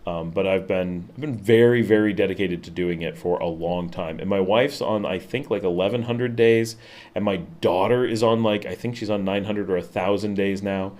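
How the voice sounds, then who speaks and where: A middle-aged livestream host from Western New York speaks with a low, slightly mellow voice and a Buffalo accent at a moderate pace. He chats casually while reading viewer comments, rambling with lots of fillers and restarts.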